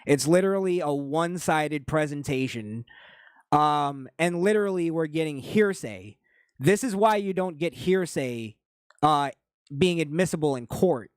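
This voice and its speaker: Emphatic podcast host, dry close mic. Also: male voice, on the high side, lively intonation, unhurried, clear, resonant tone, no echo. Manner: emphatic, repeats points, frequent restarts and fillers. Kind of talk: opinionated political commentary.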